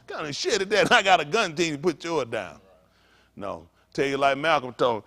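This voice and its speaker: A man's voice: on the high side, lively intonation, normal speed, gravelly, bright, forceful tone. A male pastor preaching a fiery sermon, firing blunt, profane rhetorical questions at his congregation with joking asides. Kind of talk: fiery street-talk sermon.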